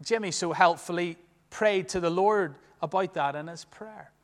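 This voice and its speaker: A man preaching from the pulpit, his voice sitting high for a man. He swings between booming declarations and quiet, hushed asides. A long church reverb trails every phrase. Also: normal speed. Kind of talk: sermon. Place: church sanctuary.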